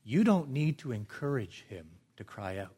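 A man from Canada preaching a sermon as pastor, with dramatic swings from a hushed, quiet delivery to loud, urgent emphasis. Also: medium pitch, big pitch swings, normal speed, breathy edge.

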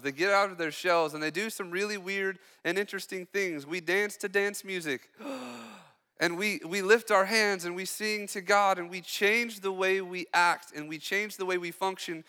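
A young man preaches as a student pastor in a church hall, his joking, chatty sermon full of quick asides to the room. His voice is a touch high, bright and crisp, carrying a long reverb from the hall.

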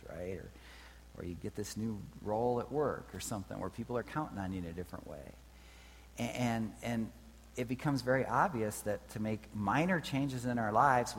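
A man preaching a sermon in a conversational way, often checking in with his listeners. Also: fairly low pitch. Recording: reverberant hall with faint hum.

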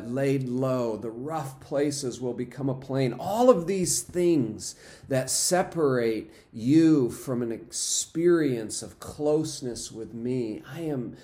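A man preaching a sermon, unhurried, with fillers and repeated phrases. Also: medium pitch, dark tone. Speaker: pastor.

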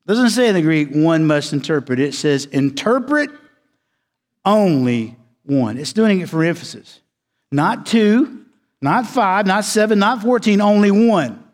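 A man preaching a sermon as pastor, emphatic and repeating key words, sometimes dropping to quiet low tones for stress. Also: long reverb tail.

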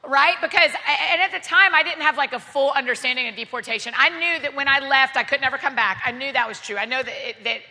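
A woman with an American Southern accent telling a self-deprecating story to a live audience as a guest speaker, animated and often laughing. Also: sits high, quick pace, few pauses. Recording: long reverb of a large hall.

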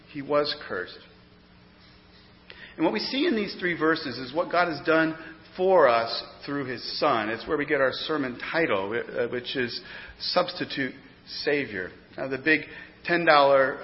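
A man preaching a sermon as pastor, emphatic, swinging between loud declarations and hushed explanation. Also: on the high side, a little hiss or hum. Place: church sanctuary. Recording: dull lo-fi sound with long hall reverb.

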